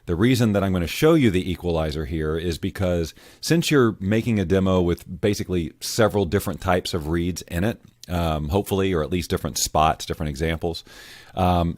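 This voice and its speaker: A man walking viewers through audio editing software in a relaxed, rambling tutorial style, wearing headphones at his mic. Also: sits low, no echo. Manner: relaxed, rambling explanations with fillers. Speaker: voiceover tutorial host. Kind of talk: casual screen-recorded software tutorial. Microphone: headphones on, studio-style mic.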